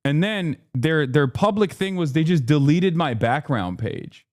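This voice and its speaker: A man's voice: a little high, expressive, darkish tone, no echo, studio quality. Exasperated American man ranting on stream. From United States. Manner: rapid run-on talk with many fillers and restarts. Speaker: live streamer. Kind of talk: reacting live on a stream.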